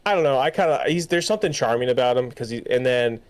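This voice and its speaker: A young man with a smooth, resonant voice at a middling pitch, chatting loosely as a podcast co-host. He rambles, starts sentences over and leans on fillers as he goes. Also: expressive, fast talker. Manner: rambling, full of fillers and restarts. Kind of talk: casual chat.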